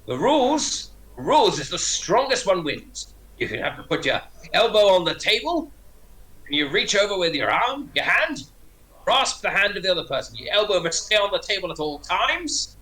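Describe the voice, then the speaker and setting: High, lively man playing a tabletop game. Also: normal speed, rough recording. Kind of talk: tabletop role-play, narrating and voicing characters.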